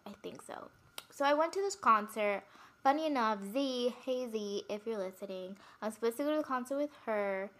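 A woman's voice: fairly high pitch, moderate pace, a bit bright. A young woman co-hosting a casual chat podcast, telling stories with giggles and rambling asides. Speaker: podcast co-host.

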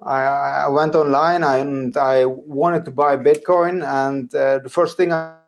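A man's voice: fairly high pitch, steady tone, unhurried. A man from the Netherlands with a Dutch accent, a guest in a casual chat, hesitant with many fillers.

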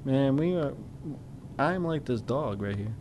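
Halting man with blunt sports takes. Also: medium pitch, lively intonation, darkish tone, a little hiss or hum. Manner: halting, restarts often, blunt opinions. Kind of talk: casual sports chat.

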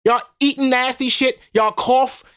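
A man with a very high, clear and resonant voice, slightly bright and fairly even in intonation, speaks a little slowly. He's a Brooklyn podcast host with a New York accent giving a rambling, profane, exasperated rant, captured in a clean, dry studio recording.

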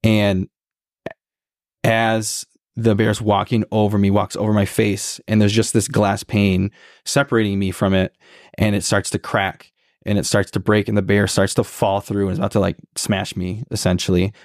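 Low-voiced man in his twenties, storytelling. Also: moderate pace, no room sound, studio quality. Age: 20s. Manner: relaxed, reflective, many filler words. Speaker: podcast guest. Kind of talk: casual storytelling conversation.

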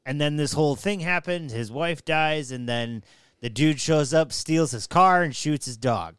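A man's voice: a little high, unhurried, fairly bright tone, clean tone, dry recording, studio quality. A man in a casual podcast chat, telling stories animatedly, swearing freely and acting out quotes. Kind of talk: casual chat about movies.

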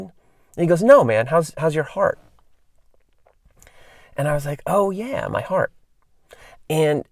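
Gravelly thirty-something man rambling casually. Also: mid-range voice, no echo, studio quality. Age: 30s. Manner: rambling, tangents, many fillers. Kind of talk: casual storytelling monologue.

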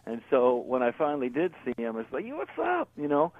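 A man's voice: medium pitch, fairly quick. Man, middle-aged, phone-line sound, laid-back, slangy, casual interview. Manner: laid-back, slangy, animated when joking. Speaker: guest musician.

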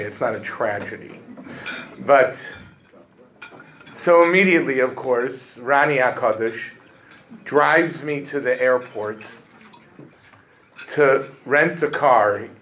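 A middle-aged man giving a sermon as a rabbi, his voice sitting a bit high for a man. He tells his story with humor and jumps in pitch when he stresses a point. Faint clinks of dishes and cutlery sound behind him. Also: slight background noise, low-quality recording. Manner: humorous, animated storytelling with rising emphasis.

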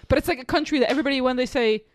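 A young woman chatting casually while playing an accent-guessing game, chatty and unsure of herself, quick to laugh. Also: high-pitched. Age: young adult. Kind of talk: casual chat.

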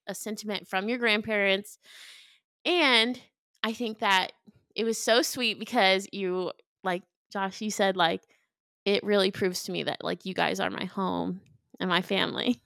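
A woman's voice: medium pitch, steady tone, measured pace, fairly bright tone, no room sound, clean studio sound. A woman co-hosting a marriage podcast, talking in a chatty, emotional way with lots of fillers. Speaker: podcast co-host. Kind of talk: casual chat.

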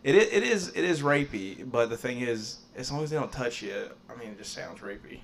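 A man's voice: medium pitch, animated, fairly quick, a loud crowd. A man co-hosting a podcast in casual banter, rambling, laughing often and making crude jokes. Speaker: podcast co-host.

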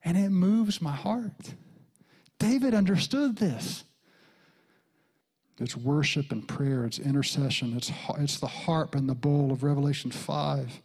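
A middle-aged man preaching a sermon as a pastor, telling a story with lively jumps in pitch and soft whispered quotes. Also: a little slow, breathy edge.

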